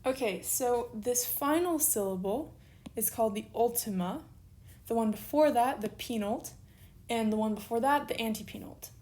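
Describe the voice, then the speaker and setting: A woman's voice: fairly high pitch, normal speed, a little mellow. A woman recording an online lesson, patiently spelling out letters one at a time as she explains. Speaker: teacher.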